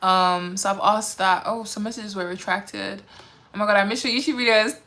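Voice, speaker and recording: A woman's voice: mid-range voice, fairly even intonation, moderate pace, pushed and bright. A woman, chatting animatedly while doing her makeup on a livestream, full of quoted voices and laughter. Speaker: beauty livestream host.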